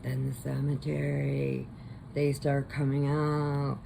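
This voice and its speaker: A woman who hosts a crochet channel, casually retelling a horror movie in a rambling way and slipping into quick voices. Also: very deep voice, little pitch movement, vocal fry, warm tone, a little hiss or hum, rough recording.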